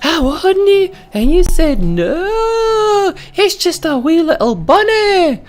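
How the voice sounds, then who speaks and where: A man's voice: extremely high pitch, sing-song, takes it slowly, pitched above the performer's own voice, exaggerated voice. A man putting on a frantic, shrieking voice for a man gloating that he warned someone. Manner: screeching, wailing, overwrought.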